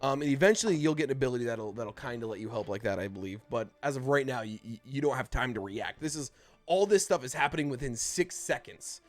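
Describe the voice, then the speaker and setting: Brief: casual, halting game master, man. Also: medium pitch, expressive. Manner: casual, halting, full of uh and restarts, calls players bro. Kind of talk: narrating and explaining a tabletop game.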